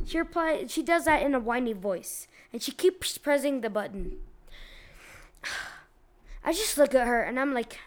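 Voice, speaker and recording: A woman hosting a casual video, reading online posts aloud and commenting in a slangy, animated way with frequent giggles and sudden loud outbursts. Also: high-pitched, unhurried, pauses often.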